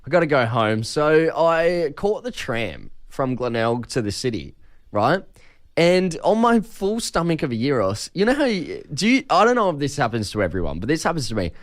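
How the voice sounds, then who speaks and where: A man's voice: fairly high pitch, very animated, moderate pace. An Australian man co-hosting a breakfast radio show, telling a story animatedly and acting out the people in it. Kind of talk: casual radio banter. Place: radio studio.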